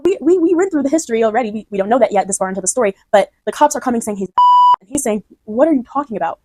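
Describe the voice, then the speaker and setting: A woman's voice: mid-range voice, very noisy. A woman explaining her own poem in a chatty way, often restarting and checking that the listener follows. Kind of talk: casual spoken explanation.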